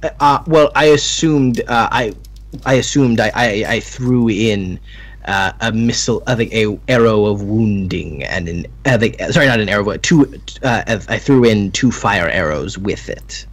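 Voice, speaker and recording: A man's voice: fairly low pitch, moderate pace. A man narrating as game master in a casual style, with many fillers and self-corrections.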